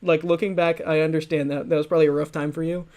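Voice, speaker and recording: A man's voice: fairly high pitch, flat delivery, quick pace, a little mellow. A man hosting a livestream, talking loosely and mocking himself with many restarts and fillers. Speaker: streamer reacting to his old videos. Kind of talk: livestream commentary.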